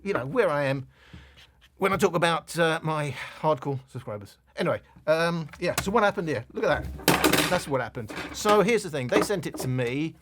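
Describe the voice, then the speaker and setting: A man's voice: fairly high pitch, lively intonation, moderate pace, fairly bright tone, slight background noise. A man from London with a Cockney accent, talking casually and bluntly as he reviews a speaker, with plenty of digressions. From England, London. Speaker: tech reviewer.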